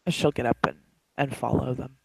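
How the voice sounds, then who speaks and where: A man calmly narrating his character's actions in a spoken role-play. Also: mid-range voice, normal speed, gravelly, husky, no echo, rough recording.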